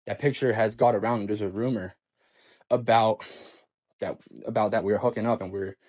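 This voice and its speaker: A man's voice: lowish voice, brisk, voice pushed down, lightly acted. A man quoting a stern teenage girl. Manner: stern, flat.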